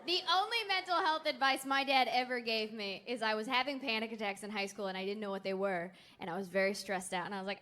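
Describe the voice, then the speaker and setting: A woman in her thirties performing a sarcastic, animated stand-up comedy set and working the crowd on a theater stage. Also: medium pitch, fast talker, few pauses. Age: 30s. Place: large theater stage with audience. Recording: live theater recording with crowd laughter.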